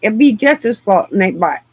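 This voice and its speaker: A woman streaming live, chatting casually in an excitable, rambling way and laughing easily. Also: fairly high pitch, breathy edge, poor audio.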